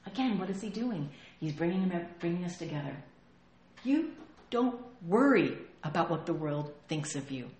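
Animated woman pastor preaching, echoey room. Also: on the low side, unhurried, a little hiss or hum. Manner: animated, laughing, acts out quoted voices. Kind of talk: sermon.

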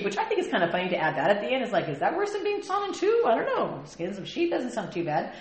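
A woman pastor preaching a lively sermon, often laughing and acting out the voices she quotes. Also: on the high side, quick pace, hardly any pauses, reverberant.

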